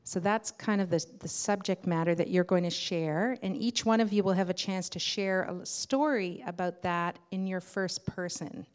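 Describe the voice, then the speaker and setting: A woman's voice: fairly low pitch, steady tone, moderate pace, few pauses, clear, resonant tone. A woman facilitating a workshop, giving friendly, encouraging instructions to participants.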